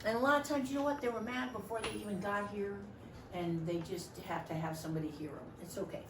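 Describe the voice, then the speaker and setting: A woman's voice: medium pitch, quick pace, reverberant, distant mic, noisy background. A middle-aged woman training volunteers in a meeting room, joking often and acting out what other people say. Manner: animated, joking, acts out quoted voices.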